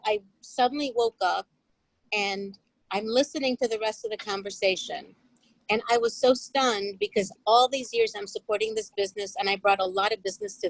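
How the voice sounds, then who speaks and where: Woman participant on a video call, lively storyteller, slightly high pitch. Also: gravelly, no echo, rough recording. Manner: animated storytelling. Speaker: course participant. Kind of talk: personal anecdote in group discussion.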